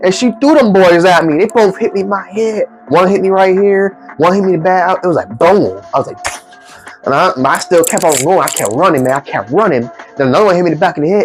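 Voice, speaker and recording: A man telling a comic story in animated, slangy speech and acting out the people in it. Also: high-pitched. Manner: animated, slangy, acts out the voices. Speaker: vlogger.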